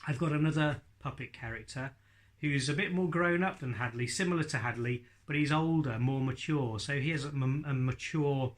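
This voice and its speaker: A man's voice: mid-range voice, moderate pace. A man teaching ventriloquism in a chatty, light-hearted way. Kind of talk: instructional talk to camera.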